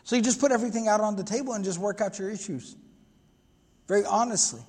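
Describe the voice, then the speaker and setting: A man's voice: high-pitched, fast, a little mellow, slightly rough, in a large hall. A man giving an earnest religious history lecture, explaining at length and quoting Arabic passages. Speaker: Islamic lecturer.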